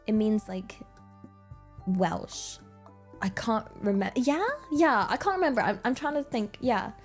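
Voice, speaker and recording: A bubbly young Englishwoman chats on her livestream with a bright, fairly high voice that swoops up and down. She talks in an excitable, giggly way. Soft music plays faintly behind her. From England. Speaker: streamer. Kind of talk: casual livestream chat.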